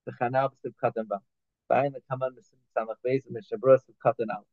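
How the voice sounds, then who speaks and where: Man as a Torah teacher, middle pitch, phone-like sound, dry. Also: little pitch movement, fast talker, no echo. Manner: reads Hebrew phrases then explains them in English, with restarts and fillers. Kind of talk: halacha class, translating Hebrew text line by line. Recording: tinny phone-like line, dry.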